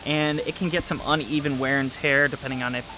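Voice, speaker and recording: A man's voice: medium pitch, fairly even intonation, fairly quick, sharp tone, faint music behind. A man talking casually to camera as a vlogger, playful and joking in his asides. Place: home, bathroom and truck with travel trailer.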